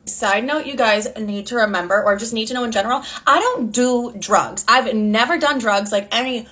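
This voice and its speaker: A woman's voice: a little high, fairly quick, hardly any pauses, pushed and bright. A young woman telling a storytime while doing her makeup, chatty and exasperated, full of "I'm like" asides. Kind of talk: casual storytime monologue.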